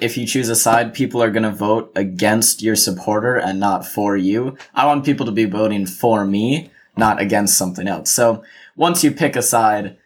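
A young man co-hosting a casual podcast, joking around and quick to laugh. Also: medium pitch. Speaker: podcast co-host.

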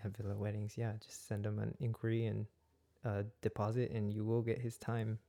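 A man's voice: lowish voice, completely flat delivery, fairly quick, vocal fry, warm tone. A man hosting a casual podcast, joking around and laughing often with his guest. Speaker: podcast host.

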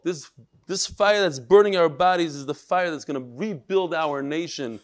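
A middle-aged man teaching a Torah class in lively talk, mixing Yiddish and Hebrew terms into English. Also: fairly high pitch, normal speed.

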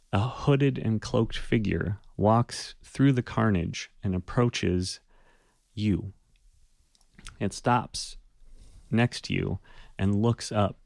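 A man narrating a tabletop game as game master, unhurried and descriptive. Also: sits low, creaky, a little mellow, no room sound.

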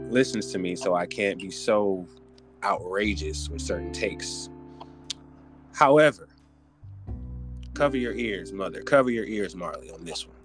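A man's voice: sits low, brisk, music in the background. A man hosting a podcast alone, ranting theatrically about hip hop culture. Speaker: podcast host. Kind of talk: solo podcast rant.

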